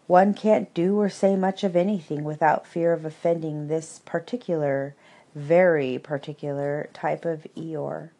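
Audiobook narrator, woman, measured and wry, unhurried pace. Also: low-pitched, fairly even intonation, warm tone. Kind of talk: audiobook reading of reflective prose.

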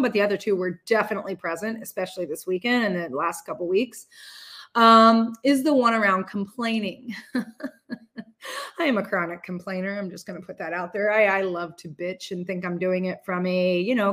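A woman's voice: mid-range voice, a bit bright. A middle-aged woman hosting a casual motivational talk for live viewers, speaking candidly, swearing freely and restarting her sentences often. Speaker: host.

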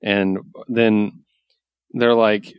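A man co-hosting a casual podcast, recapping a story with animated storytelling and filler words. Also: on the low side, drawn-out words, clean tone, no echo, highs cut off. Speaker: podcast co-host, comic reviewer. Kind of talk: casual chat.

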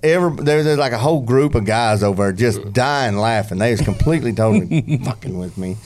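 A man's voice: medium pitch, expressive, fairly quick, a little mellow, soft background music. A man telling a long, rambling, self-mocking story in casual podcast chat.

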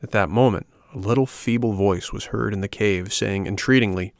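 Gravelly low-voiced male storybook narrator. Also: normal speed, no echo, studio quality. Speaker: audiobook narrator.

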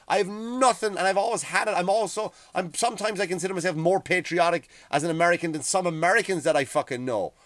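A middle-aged man with an Irish accent, hosting a profane, heated ranting monologue that grows loud and high when he gets worked up. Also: fast talker, few pauses, dry recording. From Ireland. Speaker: podcast host.

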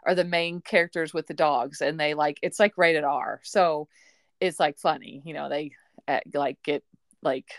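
A woman's voice: deep voice, fairly even intonation, normal speed, no room sound. A woman hosting a podcast, chatting casually, asking her guest questions and laughing often. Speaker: podcast host. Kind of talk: casual interview chat.

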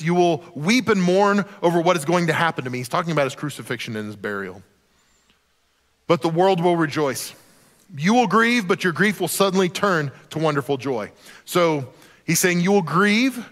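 In a long, reverberant hall, a pastor with a mid-range, fairly bright voice delivers a sermon. He keeps it conversational and full of jokes, sometimes performing quoted voices.

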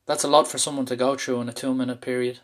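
A man's voice: mid-range voice, level tone, fast talker. Candid man telling a raw personal story. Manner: candid, intense, swears freely. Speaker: speaker sharing a personal story.

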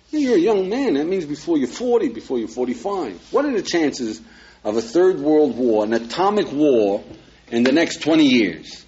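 A rabbi lectures an audience emphatically, peppering his talk with rhetorical questions for his listeners. His mid-range voice is husky and darkish in tone, with the highs cut off.

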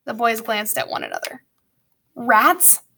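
A woman reading a storybook aloud as narrator, with lively storytelling and wry asides. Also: on the high side, moderate pace. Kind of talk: audiobook narration.

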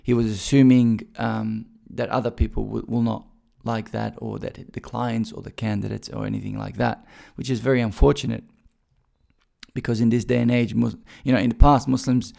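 Man, very gravelly and mellow, casual storyteller, fillers and restarts. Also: mid-range voice, level tone, moderate pace. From Bosnia. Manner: chatty, many fillers and restarts. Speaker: recruiter telling his career story.

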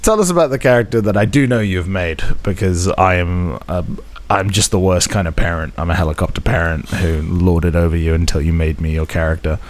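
A man's voice: sits low, a little fast. A man hosting a tabletop role-playing podcast as game master, chatty and joking, laughing often. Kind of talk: casual tabletop podcast chat.

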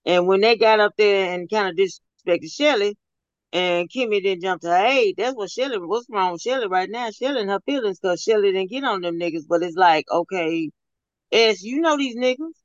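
A guest speaker in a casual commentary chat, talking in halting, profane bursts. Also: medium pitch, no room sound, highs cut off.

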